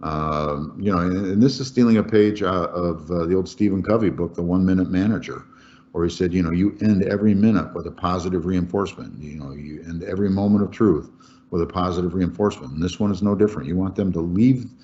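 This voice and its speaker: A man's voice: sits low, fairly quick, mellow. A man teaching a webinar on workplace safety in a folksy, conversational way, repeating key points for emphasis. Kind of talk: webinar lecture. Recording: dull lo-fi webinar audio.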